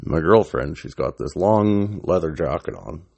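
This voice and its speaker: A man's voice: low voice, expressive, unhurried, gravelly, a little mellow, no room sound. A middle-aged man casually telling an old story, swearing freely and chuckling as he rambles.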